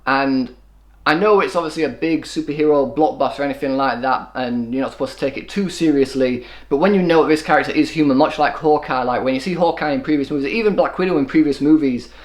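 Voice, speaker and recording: A man giving an opinionated solo film review, running his thoughts together without pause. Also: on the high side. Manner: opinionated, quick run-on delivery. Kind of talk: solo movie review commentary.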